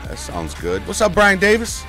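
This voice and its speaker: A man chatting casually with viewers while he streams a racing game, excitable and prone to sudden shouts into his desk microphone. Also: sits high, normal speed, over music. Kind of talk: casual live-stream chat.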